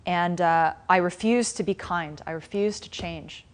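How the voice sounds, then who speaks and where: Stubborn, blunt fisherman read by a woman storyteller, pitched a little high. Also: natural voice. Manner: blunt, halting, defiant. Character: stubborn ordinary male fisherman, gruff and defiant.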